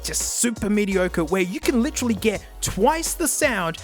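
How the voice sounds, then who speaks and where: Lively, blunt Australian man. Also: high-pitched, moderate pace, faint music behind. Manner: blunt, joking, says mate a lot. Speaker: headphone reviewer. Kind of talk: casual review vlog.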